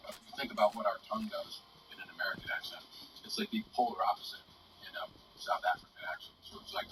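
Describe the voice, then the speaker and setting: A man being interviewed as a guest, telling lively anecdotes in a casual way. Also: fast, over music. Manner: lively anecdotes with sudden jumps in pitch. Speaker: guest actor. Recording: distant mic with room ambience.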